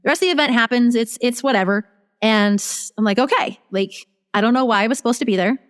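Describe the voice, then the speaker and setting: Speaking in a large hall, a woman with a slightly high, clear, resonant voice talks fast as a guest business strategist in a casual interview. She recounts her story animatedly, voicing her own inner thoughts aloud.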